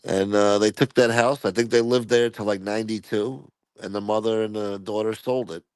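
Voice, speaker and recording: A man's voice: on the low side, steady tone, moderate pace, smooth, no echo. A man hosting a channel, telling stories in a laid-back, rambling, crude way. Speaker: channel host. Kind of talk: casual storytelling commentary.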